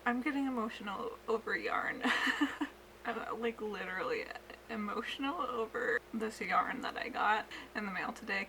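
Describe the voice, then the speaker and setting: A young woman chatting casually in her vlog, giggling often, with lots of "like" fillers, sometimes dropping to a soft whisper. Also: medium pitch, steady tone, unhurried, background noise. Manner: drops to a soft whisper when emotional. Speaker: fiber artist vlogger.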